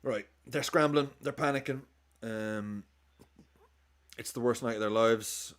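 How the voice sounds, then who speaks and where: A man hosting a football watchalong, chatting excitably and swearing as he reacts live to the game and his chat. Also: medium pitch, measured pace. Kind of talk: live match commentary and chat.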